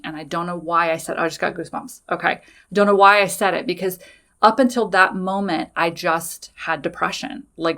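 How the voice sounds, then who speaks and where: Podcast host, woman, bright clear voice, candid storyteller who swears casually. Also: fairly low pitch, fairly even intonation, moderate pace. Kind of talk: personal storytelling.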